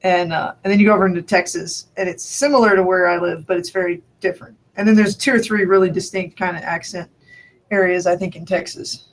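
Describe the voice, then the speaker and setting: High-voiced rambling man from New Mexico. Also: steady tone, fairly quick. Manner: rambling, thinks aloud with frequent restarts and laughs. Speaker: conversation partner. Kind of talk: casual chat.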